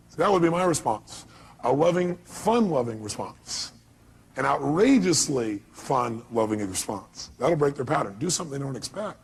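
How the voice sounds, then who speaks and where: A man's voice: a little high, creaky, breathy edge, rough recording. A man giving an emphatic motivational speech to a live audience, firing off rhetorical questions. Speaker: motivational speaker.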